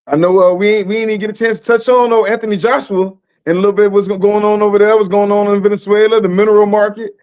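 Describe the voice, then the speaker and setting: High-voiced man on a dull mic. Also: flat delivery, quick pace, few pauses, darkish tone, smooth, no echo. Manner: laid-back slang, laughing often. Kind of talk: casual live-stream talk.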